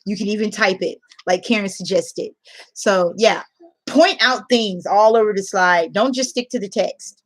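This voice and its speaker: A woman English teacher giving casual tips in a playful, animated way, laughing often. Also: mid-range voice, moderate pace.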